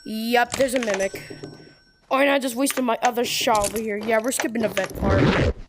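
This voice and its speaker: Excitable woman giving noisy gameplay commentary. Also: fairly high pitch, moderate pace. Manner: excitable trash talk, bossy and loud. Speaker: gamer.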